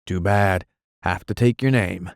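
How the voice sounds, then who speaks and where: A man reading an audiobook voices an army officer of the guard who speaks in a brisk, matter-of-fact way. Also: low-pitched, vocal fry, no room sound, studio quality.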